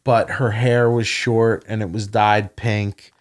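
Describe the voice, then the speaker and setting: A man's voice: on the low side, takes it slowly. A man casually telling a long story on a podcast, swearing and acting out quoted dialogue. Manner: profane, animated retelling with quoted dialogue. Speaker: podcast guest. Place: home podcast room.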